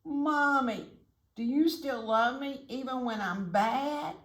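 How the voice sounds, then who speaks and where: A woman voicing a small eager male chick, with a high, pleading childlike voice. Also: takes it slowly.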